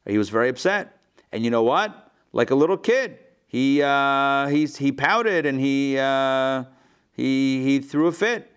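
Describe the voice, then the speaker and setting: A rabbi teaching a live class, reading a text aloud and explaining it in a lively, playful way, acting out the quotes. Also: male voice, mid-range voice, unhurried, clear, resonant tone. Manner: lively, acts out the quotes with playful modern paraphrase.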